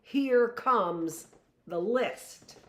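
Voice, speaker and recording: A middle-aged woman teacher giving a live reading lesson to young children, slow and emphatic, repeating key phrases and checking in with "right?". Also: a little high, lively intonation, reverberant.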